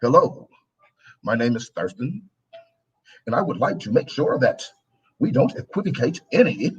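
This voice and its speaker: A man's voice: mid-range voice, very animated, normal speed, husky, recorded from a distance, muffled recording, pitched below the performer's own voice. A man voicing a prim, formal male corporate worker with stiff, careful diction.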